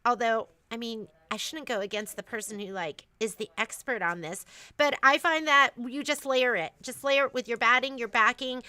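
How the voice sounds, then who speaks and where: A woman with a high, bright and smooth voice chats through a store livestream. She rambles, full of fillers and restarts, and the sound is close and dry. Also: moderate pace, no echo. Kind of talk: casual livestream chat.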